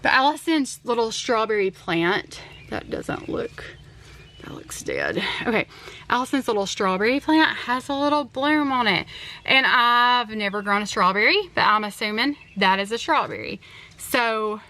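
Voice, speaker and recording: A woman's voice: a little high, normal speed, sharp tone. A middle-aged woman chatting casually and earnestly to her vlog audience as a mother, with rambling asides. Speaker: family vlogger, mother. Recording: roomy echo, faint background noise.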